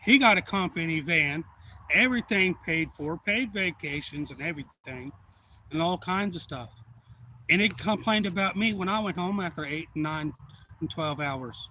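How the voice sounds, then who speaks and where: A man's voice: fairly high pitch, expressive, normal speed, sharp tone, slight background noise, low-quality recording. A man, telling a rambling, profane story in a casual live-stream chat. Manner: rambling, blunt and profane, with heated retelling.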